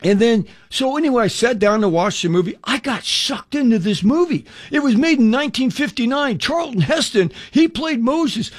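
An older man giving a radio testimony sermon as an evangelist, telling his story in an animated way, acting out the dialogue and putting direct questions to the listener. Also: very high voice, normal speed, hardly any pauses.

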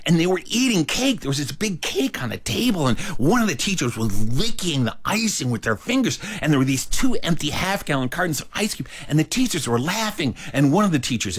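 A man telling a childhood story aloud, animated and acting out the characters' lines. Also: moderate pace, breathy edge. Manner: animated, acts out characters with big pitch leaps. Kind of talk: told story performed for listeners.

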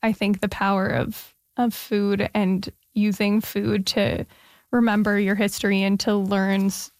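A woman's voice: medium pitch, level tone, unhurried, a little mellow, dry recording. A woman hosting an interview, asking thoughtful, conversational questions. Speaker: interviewer, host.

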